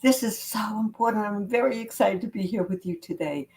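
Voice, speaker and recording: A woman love coach giving an earnest, gentle self-help talk to camera, with spiritual wording. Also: mid-range voice, fairly quick, low-quality recording.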